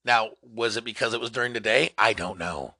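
Man, podcast host, young adult, rambling comic monologue, lowish voice, bright forceful tone. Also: fairly quick, no echo, studio quality. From California. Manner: rambling, mock-dramatic, swings between loud outbursts and mutters. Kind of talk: comedic solo podcast monologue.

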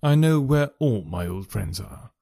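A man voicing a wizened, crafty old sailor with a sly, slow seaman's drawl in a storybook reading. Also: fairly low pitch, expressive, gravelly, warm tone, no room sound, clean studio sound, exaggerated voice. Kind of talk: audiobook character voice.

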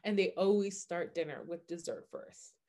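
Animated woman gushing in casual chat. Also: lowish voice, normal speed. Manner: animated gushing retelling with asides. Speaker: podcast co-host.

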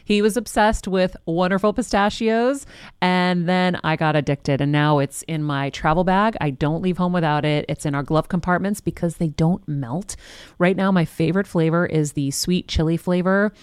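A woman's voice: fairly low pitch, fairly even intonation, normal speed, clean tone, no room sound, studio quality. A woman hosting a podcast, reading an ad in an upbeat, enthusiastic way. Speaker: podcast host reading ads. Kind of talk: host-read advertisement.

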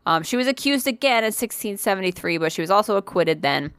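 A woman's voice: medium pitch, animated, quick pace, a bit bright, clean tone, dry recording, studio quality. A woman co-hosting a podcast, telling a story in casual chat, swearing freely, laughing often and poking fun at herself. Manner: profane, laughs often, self-deprecating. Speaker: podcast co-host.

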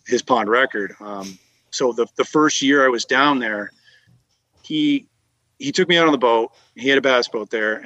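A man's voice: mid-range voice, pushed and bright, no echo, muffled recording. Rambling storyteller man from Massachusetts. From Massachusetts, USA. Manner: rambling anecdotes with many fillers and restarts. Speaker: guest telling fishing stories. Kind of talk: casual conversational storytelling.

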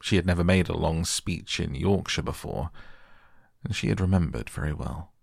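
Deep gravelly man reading a bedtime story. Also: no room sound, clean studio sound. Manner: gentle and unhurried. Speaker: audiobook reader. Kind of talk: soft bedtime audiobook narration.

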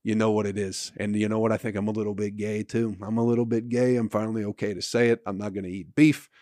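A man's voice: on the low side, fast talker, no room sound, clean studio sound. Profane man ranting on a podcast. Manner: swearing, animated storytelling with laughs. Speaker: podcast host. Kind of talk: profane comedic rant.

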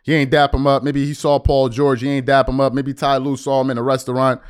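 A man's voice: mid-range voice, flat delivery, a little fast, smooth. A man hosting a sports podcast, talking casually and emphatically in slang, often repeating words. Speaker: podcast host. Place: lives abroad, recording at home.

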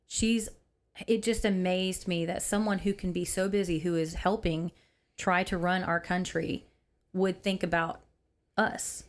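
A heartfelt woman co-hosts a faith podcast, and her voice sits low for a woman. She speaks earnestly, with plain emotion, in easy conversational talk. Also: fairly even intonation, a little slow. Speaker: podcast co-host. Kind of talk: casual faith podcast chat. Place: office used for recording podcasts.

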